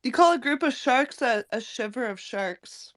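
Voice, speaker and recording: Woman, fairly high voice, musing, hesitant, trails off, online voice chat. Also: expressive, moderate pace, fairly bright tone. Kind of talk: casual group voice chat.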